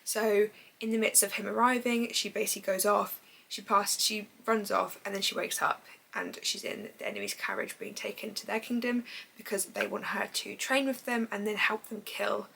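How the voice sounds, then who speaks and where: Chatting about the books she's read, a young woman who vlogs about books rambles and gushes, peppering her talk with fillers like "basically." She has a medium, creaky, somewhat bright voice with a steady tone and moderate pace. The poor audio carries a little hiss or hum.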